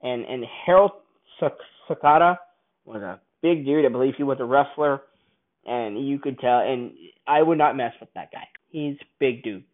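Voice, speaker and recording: A man's voice: mid-range voice, normal speed. A man casually reviewing a film, rambling and enthusiastic, often restarting his sentences. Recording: tinny phone-like sound.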